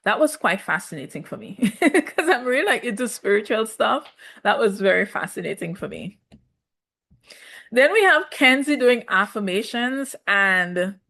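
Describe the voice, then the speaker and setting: A woman reviewing a reality show in casual commentary, sassy and animated, laughing often. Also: fairly high pitch, measured pace.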